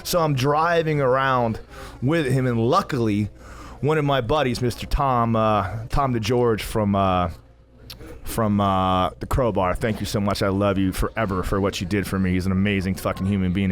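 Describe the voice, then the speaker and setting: A man's voice: fairly low pitch, steady tone, normal speed. A man co-hosting a podcast, telling a rambling, profane story with frequent laughs. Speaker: podcast co-host. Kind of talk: casual chat, storytelling. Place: gym coffee bar.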